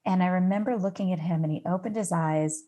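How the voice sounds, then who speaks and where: Middle aged american woman telling a story on a podcast, lowish voice, easygoing, a few ums. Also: fast talker. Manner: warm personal storytelling with fillers. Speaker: guest. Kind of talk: storytelling in an interview.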